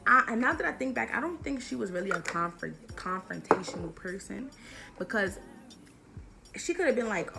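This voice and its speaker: A woman's voice: mid-range voice, lively intonation, normal speed, gravelly, bright, forceful tone, soft background music. A young woman vlogger telling a personal storytime in emphatic slang, repeating her points for effect. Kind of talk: storytime vlog.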